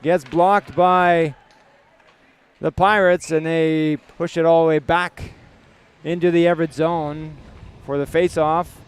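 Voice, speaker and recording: A Canadian man calling youth hockey play-by-play in quick clipped phrases. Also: a little high, little pitch movement, smooth. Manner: rapid clipped puck-by-puck calls. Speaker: play-by-play commentator.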